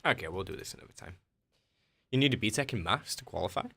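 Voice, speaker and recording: A man's voice: deep voice, lively intonation, fast, gravelly, sharp tone, husky. A man with an English accent, a game streamer in casual chat with his viewers, joking and answering their questions. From England.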